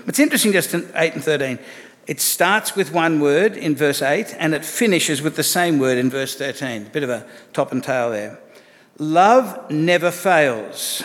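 A man's voice: mid-range voice, long reverb tail. A man preaching a sermon as pastor, conversational and asking rhetorical questions of the congregation.

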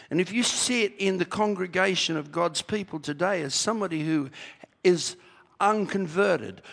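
This preacher's voice is high, gravelly and fairly bright. Addressing a congregation in a church sanctuary, recorded with long hall reverb, he delivers an emphatic sermon full of rhetorical questions and repeated key phrases.

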